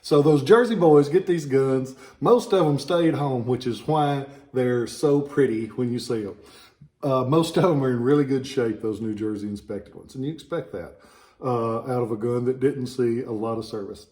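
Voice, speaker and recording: A man's voice: medium pitch, normal speed, darkish tone. A man with a Southern US accent talking informally about antiques he sells, chatty and prone to digress, with stuffy sinuses, in a small office. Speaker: relic dealer and shop owner. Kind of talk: informal product talk.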